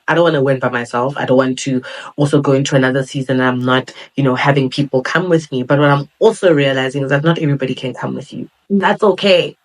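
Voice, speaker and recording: A woman's voice: low-pitched, poor audio. Young woman from southern africa, solo podcast host, earnest pep-talk vibe. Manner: earnest, motivational, with playful quoted asides.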